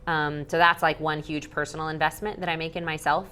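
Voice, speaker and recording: A deep-voiced woman in her thirties speaks as an interview guest, bubbly and quick to act out what others said. Her talk is loose and full of "like." A faint low rumble sits under the recording. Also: flat delivery, sharp tone. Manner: bubbly, heavy use of "like", acts out quotes.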